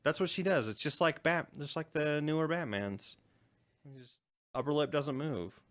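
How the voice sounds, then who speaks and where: A young man co-hosting a podcast, chatting casually in a rambling, animated way and laughing often. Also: a little high, normal speed. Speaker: podcast co-host. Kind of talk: casual chat.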